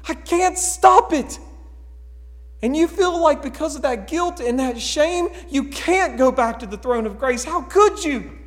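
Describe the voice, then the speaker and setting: Earnest high-voiced pastor preaching. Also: male voice, lively intonation, moderate pace, hardly any pauses. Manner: earnest, pleading, swings from hushed to emphatic. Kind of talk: sermon. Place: church sanctuary. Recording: long hall reverb.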